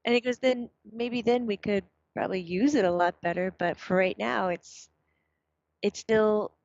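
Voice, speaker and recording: A woman in casual conversation, talking in a middle pitch and passing along what someone else said, with lots of "um" and "you know." The recording sounds dull and lo-fi, with a dry, close sound and no room echo. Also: normal speed. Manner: relays quotes in a chatty, animated way with fillers. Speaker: medium relaying her son's words. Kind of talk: casual chat.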